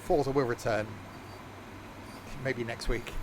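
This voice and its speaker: A man's voice: medium pitch, steady tone, slow, noisy background. A tired man giving rambling, self-mocking commentary while streaming a train game, chuckling often. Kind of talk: casual live-stream commentary.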